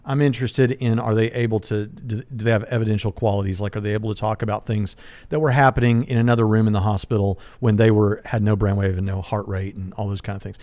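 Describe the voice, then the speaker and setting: A man in his forties hosting a livestream debate discussion, talking quickly with many fillers and restarts. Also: fairly low pitch, fairly even intonation, darkish tone, no echo. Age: 40s. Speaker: host.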